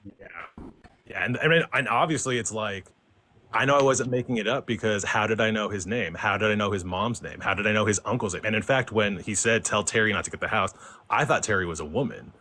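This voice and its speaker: A man's voice: lowish voice, brisk, slight background noise. A young man telling a personal ghost story in casual chat on a live stream, acting out the voices he quotes. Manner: animated, acts out quoted voices. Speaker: caller sharing a story.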